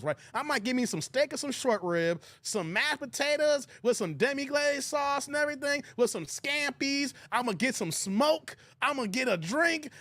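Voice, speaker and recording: A man's voice: very high-pitched, no echo. A man hosting a casual live stream, laughing often, thanking viewers and quoting movie lines. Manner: laughs often, shouts out chat donors, quotes movie lines.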